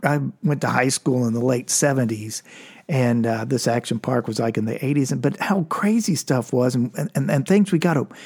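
A man's voice: medium pitch, moderate pace, darkish tone, slightly rough. A man in his sixties from Oklahoma, casually telling a rambling personal story with restarts and cursing. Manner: rambling, frequent restarts and profanity, chuckling.

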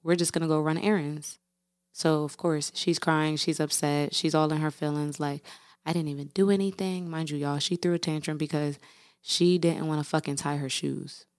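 A woman's voice: sits low, fairly even intonation, normal speed, darkish tone, dry recording, studio quality. A woman podcast host telling a candid, profane story in casual monologue, talking to her listeners as "y'all".

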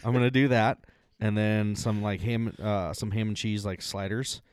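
Lowish-voiced man rambling through casual podcast chat. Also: level tone, normal speed, a little mellow, clear, resonant tone, dry recording, clean studio sound. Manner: rambling, laughs often, trails off mid-sentence. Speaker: podcast co-host.

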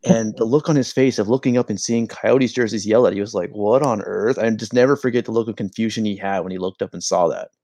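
A young man hosting a casual sports podcast, joking and telling rambling stories in an animated way. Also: lowish voice, fast talker, few pauses, dry recording. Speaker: podcast host. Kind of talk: casual hockey podcast banter.

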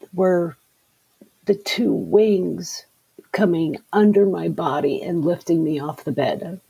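Very husky, slow-spoken woman. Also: mid-range voice, mellow, rough recording. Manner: halting and earnest, repeats words. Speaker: interview guest. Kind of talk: personal testimony in conversation.

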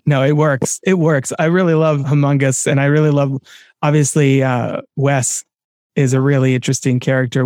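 A man co-hosting a casual film podcast, talking in an animated way with many restarts and sudden bursts of excitement. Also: a little high, no echo, clean studio sound. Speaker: podcast co-host.

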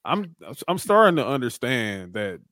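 A man's voice: mid-range voice, sing-song, normal speed, sharp tone, dry recording, studio quality. A man co-hosting a podcast, talking casually and swearing freely, acting out wrestlers' lines as he recaps the show. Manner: laid-back, swears freely, acts out quoted wrestlers. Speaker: podcast co-host.

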